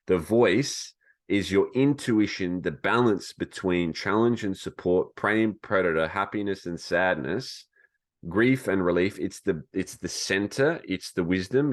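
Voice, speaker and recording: A low-voiced man talks through mindset ideas in a casual podcast style. He is blunt and animated and swears freely as he explains. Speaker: podcast host, self-described philosopher. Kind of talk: casual motivational talk.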